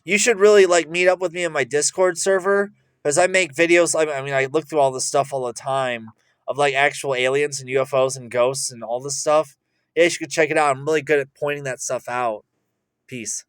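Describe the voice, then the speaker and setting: A man's voice: mid-range voice, fairly bright tone. A young man talking to camera in a rambling, agitated monologue, full of restarts and fillers. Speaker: vlogger.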